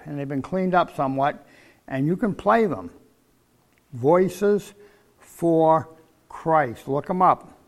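An older man preaching a sermon, teaching from the Bible in a folksy, conversational way. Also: a little high.

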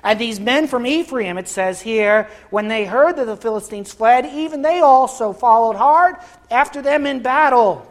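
Man, pastor, sermon, church, animated storytelling, acted-out voices. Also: very high-pitched, moderate pace. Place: church sanctuary.

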